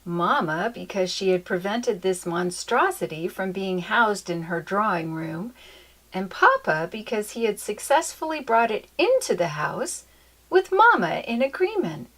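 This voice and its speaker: A woman reading a children's chapter book aloud in an expressive, lilting storytelling manner. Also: mid-range voice, unhurried.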